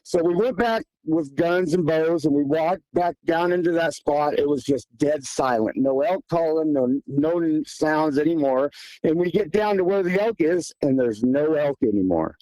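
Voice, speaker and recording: A man's voice: on the high side, lively intonation, normal speed, mellow, no echo, poor audio. A man, a hunter and guest, telling a tense hunting story in casual, vivid detail. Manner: tense, vivid retelling with quoted dialogue. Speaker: guest hunter recounting an encounter.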